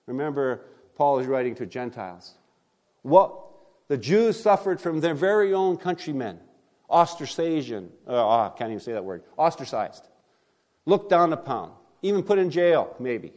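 A man preaching a sermon at a church service. He builds points with emphatic stresses and rhetorical questions, rising loud and dropping to quiet asides. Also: medium pitch, very animated, moderate pace. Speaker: pastor.

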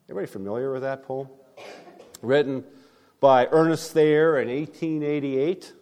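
A man delivering a sermon at a church service. His voice sits in an ordinary middle range. He leans hard on key words, poses rhetorical questions, and swings between loud bursts and hushed asides. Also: mid-range voice, moderate pace, pauses often. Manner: emphatic preaching with rhetorical questions and big swings in loudness. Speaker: pastor.

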